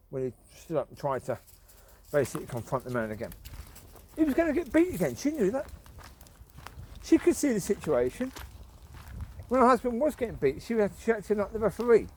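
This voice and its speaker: A man's voice: on the high side, slight background noise. A man, rambling in a casual commentary while out walking his dogs in the woods. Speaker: vlogger. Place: outdoors in rural woods.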